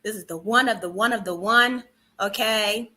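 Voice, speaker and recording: A woman speaking as a dating coach in casual advice talk, animated and preachy, punctuating points with "okay?". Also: mid-range voice, moderate pace.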